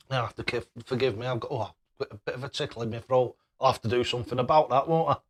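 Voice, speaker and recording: A man's voice: mid-range voice, breathy edge. A young man hosting a live stream, chatting casually and thanking viewers by name. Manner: cheery, excitable.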